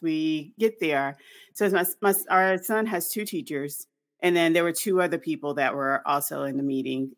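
A woman co-hosting a podcast, telling a story in casual chat with lots of fillers. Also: low-pitched. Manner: animated storytelling with many fillers. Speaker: podcast co-host.

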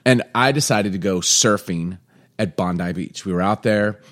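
A man's voice: on the low side, normal speed, fairly bright tone. A man in his forties co-hosting a casual chat show with his wife, telling stories in a joking, self-deprecating way. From United States. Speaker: podcast co-host.

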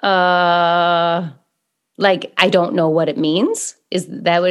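A woman co-hosting a podcast in casual chat, reacting with playful, quick quips. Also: lowish voice. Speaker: podcast co-host.

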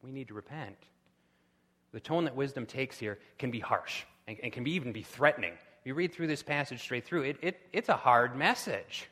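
A man preaching a sermon with impassioned delivery, rising to loud pleading cries. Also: medium pitch, normal speed, in a large hall. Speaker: pastor.

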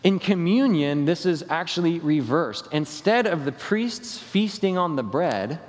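A man preaching a Sunday sermon as pastor, slowing down and dropping his voice at the ends of key phrases. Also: on the high side, animated. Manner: preaching with falling endings and slowed emphatic phrases. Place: church sanctuary. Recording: long reverb of a church hall.

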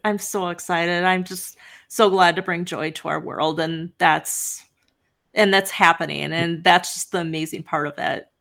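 A woman's voice: on the low side, fairly even intonation, unhurried, vocal fry, a bit bright. A woman author as an interview guest, chatting and telling funny family stories with a lot of laughter. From Wisconsin. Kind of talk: casual interview chat.

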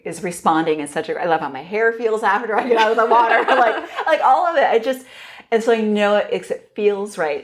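A woman in her forties, a podcast guest telling stories in casual chat, acting out her own reactions and laughing often. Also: lowish voice. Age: 40s.

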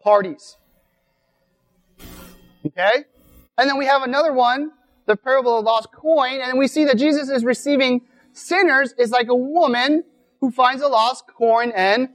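A woman giving a conversational sermon at a weekend retreat, repeating words as she goes and often asking "right?". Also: sits high. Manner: casual, repeats words, asks rhetorical questions. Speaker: speaker at a weekend church retreat.

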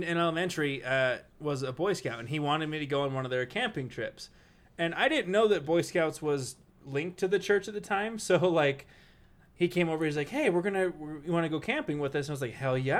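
A man telling a funny story in casual podcast chat, animated and laughing as he goes. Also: fairly high pitch, fairly quick. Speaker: podcast co-host.

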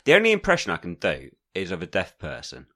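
Male co-host, low lively voice, quick teasing delivery. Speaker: podcast co-host. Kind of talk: casual chat.

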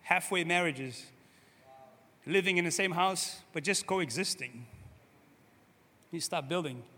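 A male pastor from Cape Verde, preaching in a lively, conversational way and often asking "right?", swinging between loud and soft. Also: on the high side, takes it slowly, long reverb tail. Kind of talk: sermon.

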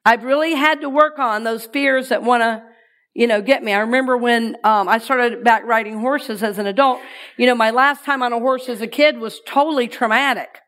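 A woman minister giving a sermon to her congregation, lively and playful, inviting listeners to repeat her lines. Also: fairly high pitch, moderate pace.

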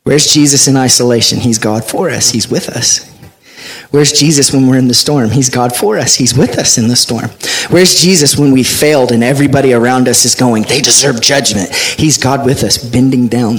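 A male pastor preaching a sermon, reading scripture aloud with animated delivery. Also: mid-range voice, moderate pace.

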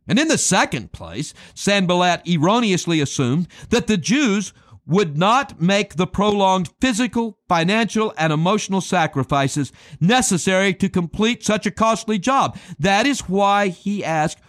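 A man preaching a sermon, emphatic and dramatic, slowing down to stress key words and calling his listeners beloved. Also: high-pitched, animated, a bit bright, no echo, studio quality. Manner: addresses listeners as beloved and friends.

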